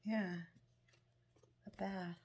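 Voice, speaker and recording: A woman's voice: medium pitch, steady tone, very slow, a little mellow. A woman giving a casual tarot reading, thinking aloud in a musing, chatty way. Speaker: tarot reader.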